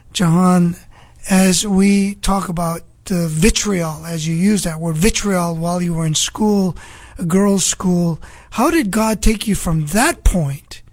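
A man hosting a radio program, introducing his guest and asking measured, deliberate questions. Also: sits high, a little mellow, no room sound.

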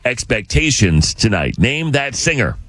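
A man's voice: medium pitch, big pitch swings, a little slow, fairly bright tone, dry recording, soft background music. A man hosting a morning radio trivia game, upbeat and teasing, laughing easily with his callers. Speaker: radio show host running a trivia game.

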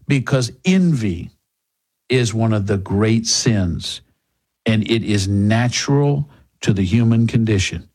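A man's voice: on the low side, lively intonation, slow, darkish tone, slightly rough. A man hosting a political commentary show, delivering a sarcastic, mocking opinion monologue.

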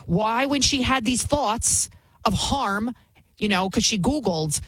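A woman's voice: fairly high pitch, lively intonation, slow pace, a bit bright, husky, no room sound, poor audio. A woman hosting a talk show, giving indignant, emphatic commentary and repeating words for stress. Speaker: show host.

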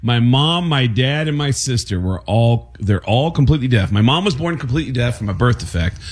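A male guest comedian on a talk show with a husky voice. He tells his stories in a rambling, animated way, often restarting sentences. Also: medium pitch, a little fast. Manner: rambling, animated storytelling with frequent laughs and restarts. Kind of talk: casual talk show storytelling.

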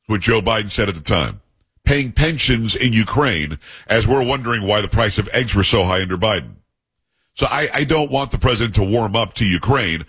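Talk radio guy, husky voice, reads the news then rants, pushy and joking. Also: mid-range voice, a bit bright. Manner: opinionated, emphatic, joking with co-hosts.

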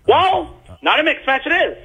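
A male caller with a very high, bright, lively voice. He has a brash showman's delivery, barking insults and announcing results like a game-show host. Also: normal speed, vocal fry, low-quality recording. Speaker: regular caller. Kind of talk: call-in banter and game hosting.

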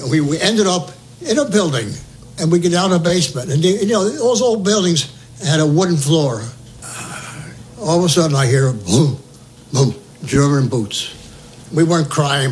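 A man's voice: on the high side, a little hiss or hum, rough recording. An older man telling a war story for an oral history recording, humorous, acting out the dialogue. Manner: lively, humorous, acts out dialogue.

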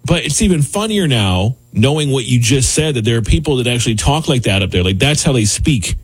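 A male co-host on talk radio talks in an easygoing, storytelling way. His voice is husky, and it sounds close and dry with no room around it. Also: mid-range voice, expressive, a little fast, dry recording, soft background music, low-quality recording. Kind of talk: casual talk radio chat.

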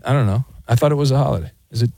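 A man's voice: medium pitch, very fast, creaky, warm tone, no room sound. A male radio talk show host, sarcastic and joking while taking calls in a studio. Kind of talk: casual sports talk radio.

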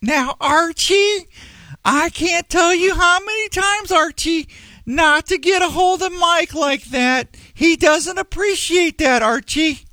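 A man voicing a gruff, grumbling middle-aged sitcom dad, in an exasperated, scolding tone. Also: extremely high pitch, takes it slowly, pushed and bright, dry recording, clean studio sound, voice pushed up, heavily acted.

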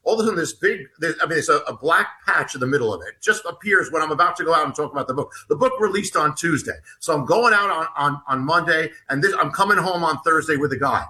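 A man speaks as a guest author, his voice strikingly bright and sitting a little high. He tells his story in an earnest, halting way, often stopping to restart a thought. He lays out the exchange step by step as he goes. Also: animated, rough recording. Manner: earnest, halting, retells dialogue. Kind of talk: storytelling in conversation.

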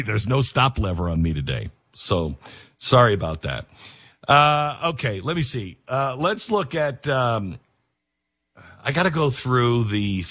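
A man's voice: medium pitch, a bit bright, slightly rough, no echo, clean studio sound. A man hosting a radio talk show, reading live ads and ranting in a rambling, self-mocking way.

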